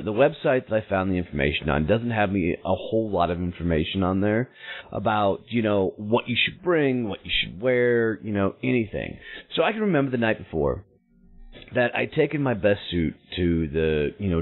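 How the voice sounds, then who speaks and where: A man in his thirties, a show host telling a personal story in an animated way, acting out the people in it. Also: lowish voice, moderate pace. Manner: animated, acts out quoted voices in his story. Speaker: podcast host. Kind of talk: storytelling monologue. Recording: tinny phone-like audio.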